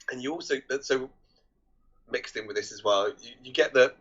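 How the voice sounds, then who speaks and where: Guy on a movie podcast, bright voice, dull lo-fi audio, keeps restarting. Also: mid-range voice, expressive, unhurried, slightly rough. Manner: retells scenes quoting characters, many restarts. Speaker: podcast co-host. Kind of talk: casual film discussion.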